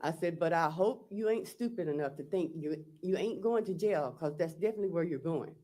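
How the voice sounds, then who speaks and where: A woman testifying as a defendant in court. She reads text messages aloud in a slow, halting, plain-spoken way, recounting each exchange with "I said" and "he said.". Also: lowish voice, expressive, warm tone.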